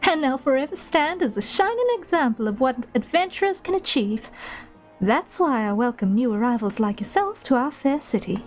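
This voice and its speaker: A woman's voice: high-pitched, expressive, moderate pace, soft background music, pitched above the performer's own voice. A woman voicing a shrewd middle-aged female guild innkeeper in a slight put-on southern drawl, reading game dialogue aloud in character. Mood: encouraging.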